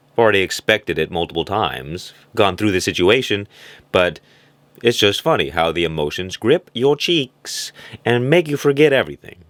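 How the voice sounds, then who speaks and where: A man speaks in a reflective, motivational way, often breaking into acted-out voices. His voice sits on the low side and the recording is dry and close. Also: no room sound. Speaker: self-help speaker. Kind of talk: motivational monologue.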